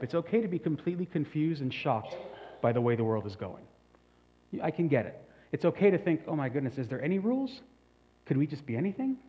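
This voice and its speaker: A male pastor preaching a conversational sermon, asking the audience rhetorical questions. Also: a little high. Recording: dull lo-fi recording.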